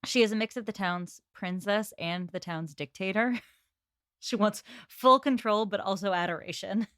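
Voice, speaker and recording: A woman guest on a podcast, chatting casually with wry, quick comments. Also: mid-range voice, a bit bright, dry recording, clean studio sound. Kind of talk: casual chat.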